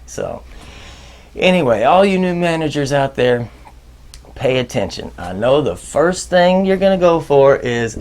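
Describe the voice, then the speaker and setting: A man hosting a leadership advice video, talking casually and jokingly, with loud bursts and muttered asides. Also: fairly high pitch, expressive, moderate pace. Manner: chatty, jokey, swings between loud bursts and muttered asides.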